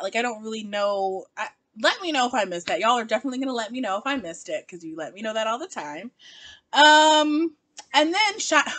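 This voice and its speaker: A woman reviewing a TV episode in a casual vlog, chatty and exasperated, laughing often. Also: a little high. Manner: animated, laughing, exasperated asides. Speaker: TV show reviewer.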